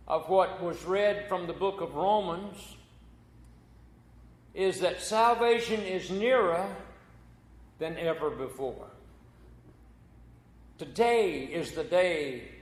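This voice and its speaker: A man preaching a folksy sermon as pastor, telling a corny joke before turning to scripture. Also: a little high. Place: church sanctuary. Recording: echoey church hall.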